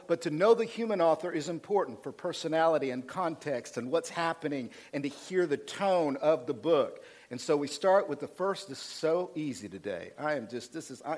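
A male pastor preaching a sermon, swinging from loud emphatic passages to quiet asides, fired up. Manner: preaching with rising intensity, dropping low for asides.

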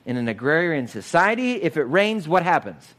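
Animated preacher, man. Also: a little high, moderate pace. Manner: animated, questions the congregation and acts out voices. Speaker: pastor. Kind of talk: lively teaching sermon.

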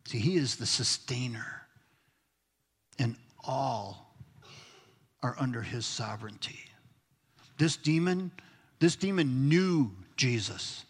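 A man's voice: mid-range voice, takes it slowly, long pauses, husky. A man preaching a sermon as pastor, emphatic, sometimes dropping to a near-whisper to stress a point. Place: church sanctuary. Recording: long hall reverb.

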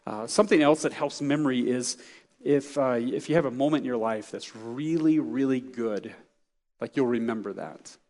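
A man's voice: mid-range voice, normal speed, darkish tone. A middle-aged man preaching a sermon as pastor, conversational and anecdotal, with frequent fillers and restarts. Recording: long hall reverb.

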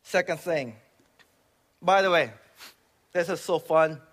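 A man from the Philippines, preaching a storytelling sermon in church, swinging from loud exclamations to hushed asides. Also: a little high, takes it slowly.

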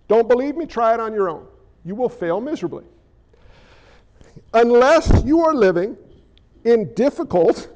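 A man's voice: sits high, darkish tone. A male pastor preaching a sermon with impassioned, emphatic delivery that often rises and gets worked up.

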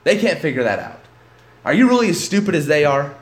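Man doing arrogant Pharisee voice, scolding, shouting, high and lively, roomy echo. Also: fairly quick. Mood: scornful. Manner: shouting, scornful. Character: indignant male Pharisee leaders, arrogant and scolding.

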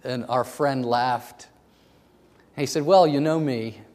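A man preaching a sermon in a church, moving between loud, fervent passages and hushed near-whispers. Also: medium pitch, takes it slowly. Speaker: pastor. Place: church sanctuary. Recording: long hall reverb.

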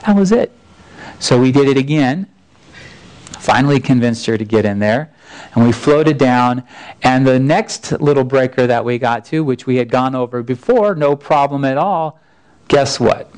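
Earnest pastor, smooth-voiced. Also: male voice, mid-range voice, normal speed, a little mellow, rough recording. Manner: earnest, folksy, with frequent restarts. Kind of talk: conversational sermon storytelling.

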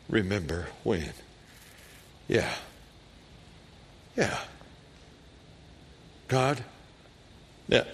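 A middle-aged man preaching a sermon as a pastor, reading scripture prayers with rising fervor and telling a personal story. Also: medium pitch. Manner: slow, deliberate preaching that rises to fervent loud prayer readings.

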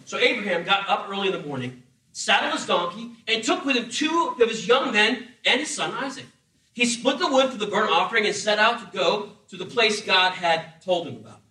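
A man preaching a sermon in an animated, humorous way, acting out voices as he tells the story. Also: high voice, fairly quick, reverberant, far from the mic, low-quality recording. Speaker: pastor.

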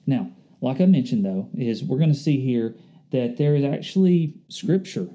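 A man delivers a sermon in a warm, deeply mellow voice, pitched in a middle range. He speaks in an earnest, conversational way, reflective and personal with his listeners. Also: expressive, moderate pace, lo-fi sound. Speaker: pastor.

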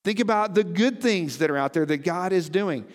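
A man's voice: sits high, animated, moderate pace. A man preaching a sermon to his congregation, conversational, often asking them questions. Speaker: pastor. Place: church sanctuary. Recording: reverberant hall.

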